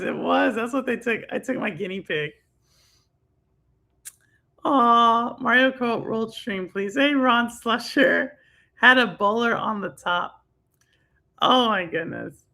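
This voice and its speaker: A young woman hosts a casual live stream in a bright, high voice that swings all over its range. She talks loosely to her chat, with plenty of fillers and quick laughs. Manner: chatty, laughing, lots of fillers. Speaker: stream host reading chat.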